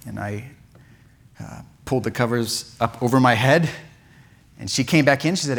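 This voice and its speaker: A man preaching, telling a funny childhood story with lively asides and laughter. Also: medium pitch, moderate pace. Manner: animated, laughing at his own story. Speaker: pastor. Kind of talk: sermon storytelling. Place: church sanctuary.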